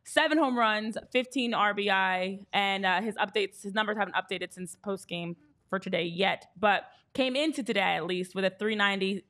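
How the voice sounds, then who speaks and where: A woman hosting a sports show, reading off baseball stats in a brisk, chatty way. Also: medium pitch, fairly bright tone. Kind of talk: casual sports chat.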